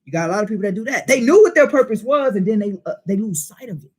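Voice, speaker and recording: A man leading a Bible class, preaching in an animated way and firing questions at the listeners. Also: high-pitched, fast, husky.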